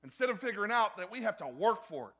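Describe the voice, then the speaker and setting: A male pastor preaching a sermon in a church, energetic and repetitive, often building to loud emphasis. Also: high-pitched, fast talker.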